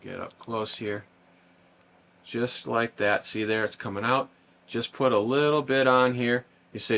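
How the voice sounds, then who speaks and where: A man's voice: medium pitch, fairly even intonation, unhurried, creaky, a bit bright, a little hiss or hum. Man giving a plain step-by-step repair tutorial. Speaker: host of a how-to video channel. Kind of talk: casual hands-on car repair tutorial.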